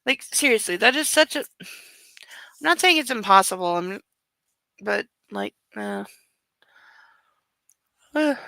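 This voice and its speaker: Sarcastic woman reading with bright tone. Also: medium pitch, lively intonation, slow pace, gravelly, pauses often, no echo, rough recording. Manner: sarcastic, exasperated asides. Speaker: book club reader. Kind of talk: comedic book reading with commentary.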